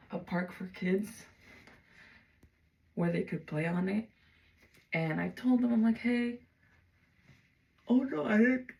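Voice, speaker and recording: A young woman casually retelling a strange dream, chatty and full of "like", sometimes mumbling softly and sometimes getting heated. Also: mid-range voice, vocal fry, a little hiss or hum, rough recording. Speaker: storyteller recounting a dream.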